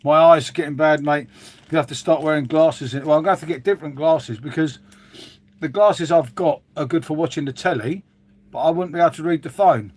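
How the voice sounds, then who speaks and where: A man hosts a relaxed livestream from home and chats with his viewers as he goes. His talk wanders from one thought to the next, and he calls people mate. His voice sits a little high for a man. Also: fairly quick. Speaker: livestream host reading chat. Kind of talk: casual chat with live viewers. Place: at home making a hot drink.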